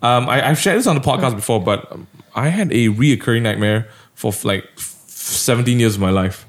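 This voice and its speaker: A man's voice: medium pitch, fairly quick. A man hosting a podcast in casual chat, playful and jokey. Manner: playful, jokey, breaks into laughs. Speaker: podcast host.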